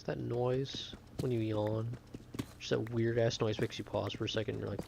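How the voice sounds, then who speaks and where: Speaking briskly in a fairly low, creaky voice with a level tone, this young man chats with viewers during his game stream, rambling and making self-deprecating remarks. He uses a desk microphone, and background noise can be heard.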